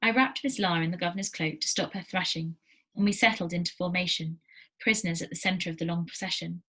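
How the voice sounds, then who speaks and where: A teacher reading a novel aloud to her class in a steady storytelling manner, with small slips. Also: lowish voice, fast talker, breathy edge, rough recording.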